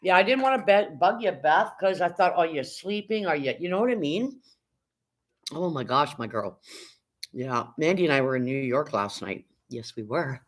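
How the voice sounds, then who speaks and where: A woman's voice: deep voice, expressive, normal speed. A middle-aged woman from Canada, chatting casually on a live stream, greeting viewers by name and swearing now and then. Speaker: livestream host.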